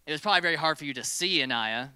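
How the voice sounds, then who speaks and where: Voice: medium pitch, lively intonation, rapid-fire, sharp tone, clean tone, no echo, clean studio sound. A youth group leader running a hands-on lesson in a meeting room, playfully giving stage directions to volunteers and the group.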